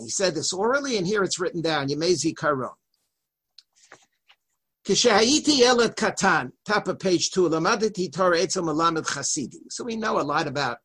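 A man teaching a Torah lesson who reads Hebrew passages quickly and translates them line by line. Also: high-pitched, bright, forceful tone, husky. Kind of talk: lecture on a religious text.

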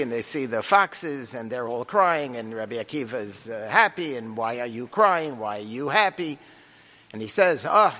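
Man, Talmud class lecture, slightly high voice, hall reverb. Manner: animated, frequent rhetorical questions. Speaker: rabbi teaching Talmud.

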